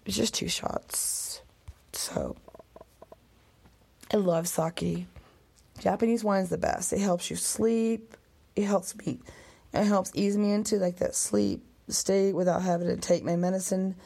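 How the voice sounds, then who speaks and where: A woman venting on her own podcast in a rambling, emotional rant. Her voice is gravelly and husky with a dark, mellow tone. She swears and slips into whispered asides, a little tipsy after a couple of drinks. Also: medium pitch, measured pace. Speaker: podcast host.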